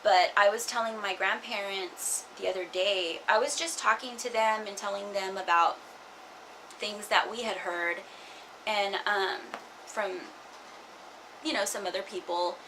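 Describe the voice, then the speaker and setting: A woman's voice: mid-range voice, unhurried, bright, forceful tone, slight background noise, poor audio. A young woman vlogging casually, rambling with many fillers and restarts. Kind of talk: casual personal vlog.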